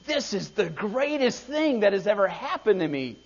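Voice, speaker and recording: Preacher reading easygoing fifty-ish businessman, friendly; high voice, muffled audio. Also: big pitch swings, moderate pace, vocal fry, exaggerated voice. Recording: dull lo-fi recording.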